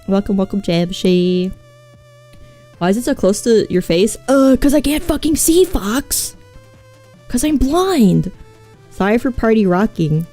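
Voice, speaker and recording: A woman streaming live with a scratchy, mellow voice, rambling between topics and swearing freely. She is self-mocking and casual in her delivery. Faint music plays behind her. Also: mid-range voice, big pitch swings, a little slow, pauses often. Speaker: VTuber streamer.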